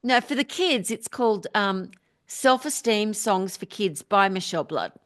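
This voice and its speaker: A woman's voice: mid-range voice, expressive, measured pace. A middle-aged woman, a musician and spiritual teacher, chatting as a podcast guest in an upbeat way and laughing often as she tells stories. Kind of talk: casual interview chat.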